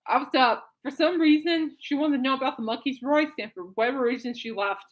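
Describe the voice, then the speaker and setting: A woman's voice: high-pitched, fast talker, poor audio. A woman hosting a podcast in a casual live-stream chat, rambling and breaking into giggles often. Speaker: podcast host.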